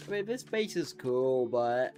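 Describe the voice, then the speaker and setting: A sleepy, yawning man streams a game, reading menu items aloud and rambling in a tired, offhand way as casual commentary. His medium-pitched voice is mellow yet animated and a little slow, with soft background music.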